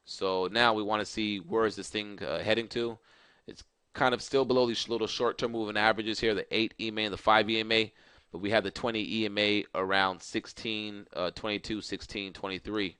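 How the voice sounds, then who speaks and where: A man's voice: lowish voice, fairly bright tone, clear, resonant tone, dry recording. A man giving a casual stock market recap over charts, talking loosely with many fillers and repeated phrases. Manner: loose, repetitive, filler-heavy chart talk. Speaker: market analyst host.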